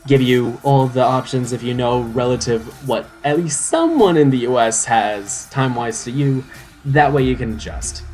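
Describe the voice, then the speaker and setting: A young man chatting casually while streaming a game, his voice sitting at an ordinary middle pitch. He rambles, fills gaps with "um" and trips over his own sentences. Soft music plays faintly underneath. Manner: rambling, lots of "um"s and restarts; chatty, self-mocking. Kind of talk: casual live-stream chat.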